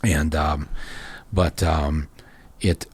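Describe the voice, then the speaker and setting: A man's voice: rumbling low, steady tone, drawn-out words, breathy edge. A man in his sixties hosting a podcast, telling stories in a rambling casual way with many restarts and jokey asides. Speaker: podcast host. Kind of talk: casual conversation.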